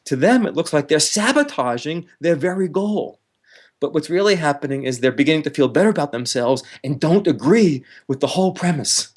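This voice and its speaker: A man, a counselor, talks as an interview guest, explaining with lively energy, laughing now and then and acting out harsh inner voices. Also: on the high side, a little fast. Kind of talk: explanatory conversational talk.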